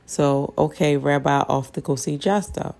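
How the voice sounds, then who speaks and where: Low, warm-toned woman, casual TV recap, chatty, voices the dialogue. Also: normal speed, vocal fry. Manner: chatty, voices the characters' lines while retelling. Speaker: TV episode recapper. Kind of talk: casual plot retelling.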